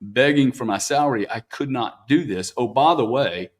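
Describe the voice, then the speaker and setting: A man's voice: medium pitch, moderate pace. A man interviewing a guest, talking bluntly and profanely and tagging "man" onto his sentences. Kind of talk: candid interview talk.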